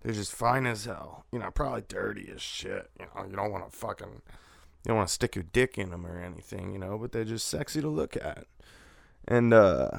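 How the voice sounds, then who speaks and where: A man's voice: fairly low pitch, animated, normal speed, vocal fry, no echo, studio quality. A young man casually telling a rambling, profane anecdote, laughing now and then. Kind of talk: casual storytelling.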